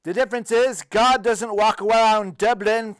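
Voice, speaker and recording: A man's voice: high voice, fairly even intonation, unhurried, clear, resonant tone, no room sound. A man playing a boastful, proud male leprechaun who calls himself a wrestling champ, hamming it up in a comedic character sketch. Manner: joking, proud and hammy. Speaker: comedy host.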